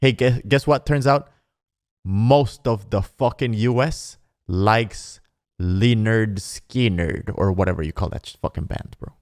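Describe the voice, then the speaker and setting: A man's voice: lowish voice, unhurried, a little mellow, no echo, clean studio sound. A man hosting a podcast, ranting sarcastically with lots of swearing, calling the listener bro and mocking people in exaggerated put-on voices. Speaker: podcast host. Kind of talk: casual podcast rant.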